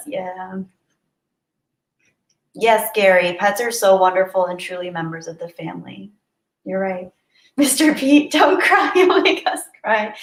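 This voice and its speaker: A woman hosting a casual livestream, chatting warmly and reading viewer messages aloud. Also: fairly low pitch. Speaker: livestream host. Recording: roomy echo.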